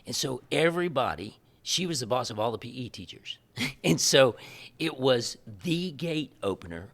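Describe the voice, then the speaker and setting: A man, a missionary guest telling lively stories in an interview and acting out the dialogue, often laughing. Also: mid-range voice, moderate pace, creaky. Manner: animated, laughing storyteller who acts out quoted dialogue. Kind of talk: storytelling in a podcast interview.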